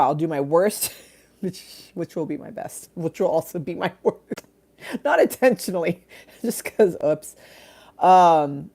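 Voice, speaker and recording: Woman livestream host on a phone, rambly and swearing, low mellow voice. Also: gravelly. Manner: rambling, swears casually, reads out comments. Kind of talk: casual livestream chat.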